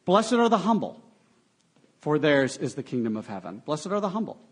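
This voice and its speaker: A young man preaching a sermon with an animated, swinging delivery that rises and falls. His voice sits a little high for a man, and he slips in sarcastic asides. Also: normal speed, slightly rough. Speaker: pastor.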